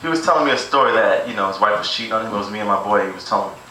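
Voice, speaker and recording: A man's voice: lowish voice, very fast, bright, forceful tone, slight background noise. Crude young guy rehearsing stand-up, echoey. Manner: crude, rambling, laughs at own jokes. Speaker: amateur stand-up comic. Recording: echoey room, far from camera mic.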